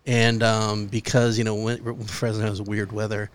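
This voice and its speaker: A man co-hosting a casual podcast, telling a story step by step in a relaxed way. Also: fairly low pitch, unhurried, smooth. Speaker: podcast co-host.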